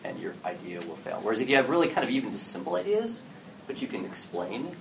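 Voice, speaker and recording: A man gives a relaxed, animated talk to an audience in an event room. His voice swings widely in pitch as he acts out little exchanges between players and game masters. He sounds set back from the microphone, with steady background noise under him. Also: fast talker. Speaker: panel speaker on story games. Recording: distant mic with clear background noise.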